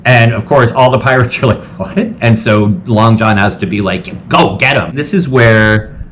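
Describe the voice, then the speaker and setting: A man's voice: lowish voice, slight background noise. A man hosting a casual film recap, chatty and rambling and full of "like". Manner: chatty and rambling, heavy use of "like". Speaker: host.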